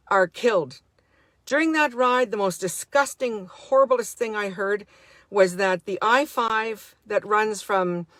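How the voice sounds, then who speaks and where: A woman's voice: medium pitch, dry recording, clean studio sound. A middle-aged woman speaking an unscripted, heartfelt monologue to her handheld camera, indignant and repeating herself as she talks. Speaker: vlogger.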